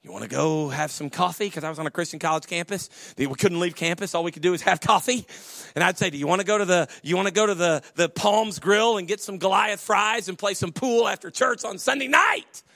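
A man preaching as a pastor, telling humorous stories and loudly acting out the voices of people he quotes. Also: sits high, fairly quick, creaky, dry recording, studio quality. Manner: animated storyteller, acts out quoted voices loudly.

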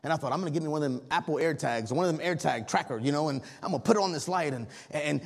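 A man preaching a sermon as pastor, telling a story in an animated way while the congregation answers back. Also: a little high, rapid-fire, few pauses, breathy edge.

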